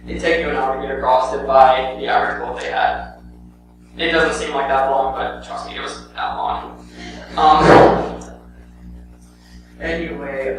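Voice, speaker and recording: Rambling young man in an echoey church. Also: on the high side. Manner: rambling, with many "um" and "anyway" fillers. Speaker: church member presenting his mission trip. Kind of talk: casual spoken report to a congregation. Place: church sanctuary. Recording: very echoey church hall, heard from a distance, with a clear hum.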